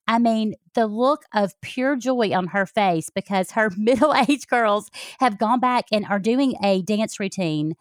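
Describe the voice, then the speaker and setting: A woman's voice: on the high side, a little slow, no room sound. Folksy woman, dry sound. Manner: warm, folksy, talks straight to listeners. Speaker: health coach. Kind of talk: heartfelt personal talk.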